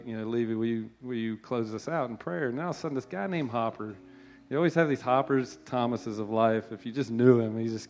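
A man tells a personal testimony, then leads a prayer, and his talk is full of restarts and earnest asides. His voice sits at a middle pitch. A guitar plays quietly underneath. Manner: rambling, heartfelt, with restarts. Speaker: church speaker. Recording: soft guitar playing behind.

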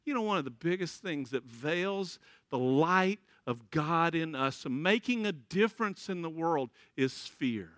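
A man preaches in a high, bright voice. He tells stories in a folksy way and laughs often. The sound is close and dry, with no room echo. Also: animated, a little slow, few pauses. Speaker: pastor. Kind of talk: sermon.

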